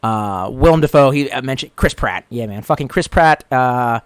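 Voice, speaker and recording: A man's voice: mid-range voice, expressive, normal speed, clean tone, dry recording. A man streaming live, reading viewers' comments and rambling casually with lots of swearing. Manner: profane, rambling, retells jokes with put-on voices. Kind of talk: casual chat.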